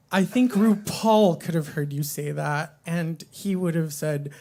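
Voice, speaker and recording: Lady comic at a coffee shop open mic, kinda low voice, crude rambly bits full of um and like. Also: unhurried, few pauses, warm tone. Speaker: stand-up comedian. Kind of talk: stand-up comedy set.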